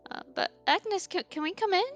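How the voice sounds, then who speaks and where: A woman's voice: very high-pitched, brisk, fairly bright tone, faint music behind, voice pushed up. A woman voicing a weary adventurer just back from a journey, speaking hesitantly with stammers. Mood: dry.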